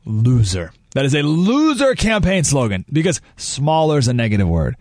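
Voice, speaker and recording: A man's voice: mid-range voice, huge pitch swings, moderate pace, darkish tone, no room sound, clean studio sound. A man hosting a talk radio show, giving emphatic commentary full of rhetorical questions.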